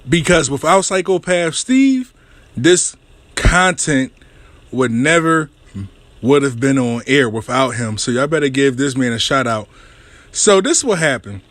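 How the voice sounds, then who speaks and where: A man with a fairly high voice tells a story in a casual, foul-mouthed way as the host of his own show. He is animated and acts out the voices and sound effects. The recording is dry and close, with no room echo.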